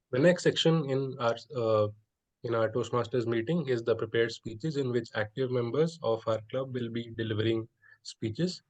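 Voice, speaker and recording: A man hosts a speaking club meeting in a polite, formal way. He pauses on fillers now and then. His voice sits at a middle pitch. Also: low-quality recording. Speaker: meeting host.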